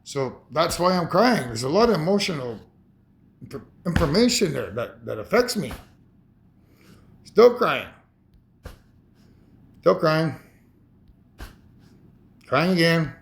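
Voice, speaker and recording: A man in his fifties talking in a rambling, emotional personal monologue, halting and repeating himself. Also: a little high, sing-song, creaky. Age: 50s. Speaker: vlogger.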